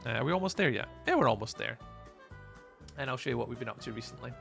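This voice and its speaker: A man's voice: mid-range voice, very animated, a little fast, gravelly, bright, forceful tone, soft background music. A man from Scotland with a Scottish accent, streaming a game live and chatting easily with viewers, greeting and thanking them by name as he reads their messages aloud.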